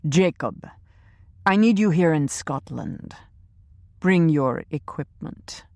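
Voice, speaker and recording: A man's voice: fairly high pitch, animated, takes it slowly, creaky, a little mellow, no echo, full character voice. A woman reading a ruthless male hired killer in an audiobook, curt and menacing.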